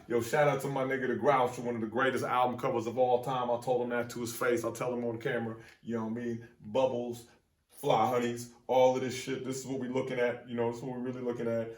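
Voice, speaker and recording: A young man talking straight to camera in a casual, profane monologue, venting with lots of repeats and fillers. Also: mid-range voice. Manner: animated, profane street talk, repeats "man". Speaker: vlogger.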